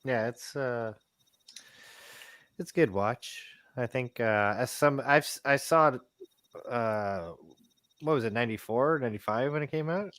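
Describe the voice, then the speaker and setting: A man in a casual movie chat, rambling with many restarts and growing animated. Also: medium pitch, a little slow, long pauses. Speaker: podcast guest.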